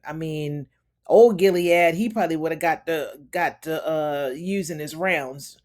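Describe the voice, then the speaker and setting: A woman's voice: on the low side, normal speed, a little mellow. A woman casually recapping a TV episode, telling the story in a loose, conversational way and acting out the characters' lines. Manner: loose, conversational with frequent "you know" and "honey". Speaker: TV recap host.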